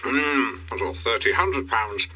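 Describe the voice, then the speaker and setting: A man's voice: medium pitch, lively intonation, slow, bright, forceful tone, a little hiss or hum. A middle-aged man hosting a local radio show, pompous and rambling, with awkward restarts. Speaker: radio presenter.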